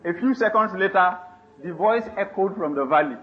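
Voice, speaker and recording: High-voiced preacher man, lively sermon. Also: normal speed, pauses often, muffled recording, faint music behind. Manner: animated preaching with laughs and call-and-response. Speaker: pastor.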